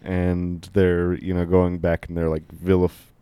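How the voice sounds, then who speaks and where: Slow, low-voiced man chatting casually. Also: completely flat delivery, mellow, smooth, no echo. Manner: rambling, filler-heavy. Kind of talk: casual chat.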